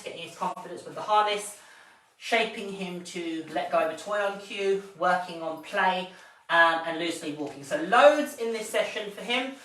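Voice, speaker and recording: A man's voice: sits high, sharp tone. A man, a dog trainer, explaining his methods in a live-streamed training session and stopping to praise a puppy. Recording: roomy, distant from the mic, faint noise.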